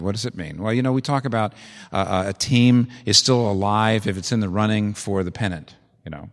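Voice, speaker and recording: A man preaching a sermon with an animated, emphatic delivery, repeating phrases for effect. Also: fairly low pitch, normal speed, long reverb tail.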